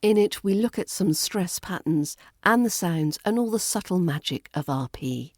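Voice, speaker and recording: A woman with a British RP accent teaching pronunciation as an accent coach, enunciating slowly and deliberately with playful asides. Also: fairly low pitch, expressive, darkish tone, no echo, clean studio sound. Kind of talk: pronunciation lesson.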